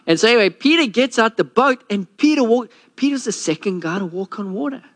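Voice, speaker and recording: Male pastor, sermon delivery, slightly high voice, animated storyteller. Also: a little fast. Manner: storytelling, acts out quotes with a lowered voice.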